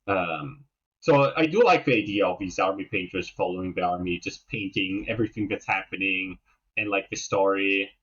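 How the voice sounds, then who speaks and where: Man, podcast co-host, low husky voice, unhurried and hesitant, muffled lo-fi audio. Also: fairly bright tone. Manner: easygoing, hesitant, many fillers. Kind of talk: casual book discussion. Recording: dull lo-fi sound.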